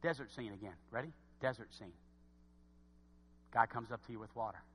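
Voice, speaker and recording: A man preaching a sermon in church, swinging from quiet asides to loud exhortation. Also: mid-range voice, moderate pace, long pauses, breathy edge, big-room sound.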